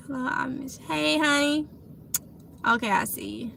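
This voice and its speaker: A woman's voice: high-pitched, normal speed, vocal fry, long pauses, sharp tone, a little hiss or hum. A woman with a Mississippi Southern accent hosting a casual live Q&A, chatty and affectionate, calling her viewers honey. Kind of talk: casual live-stream chat reading comments.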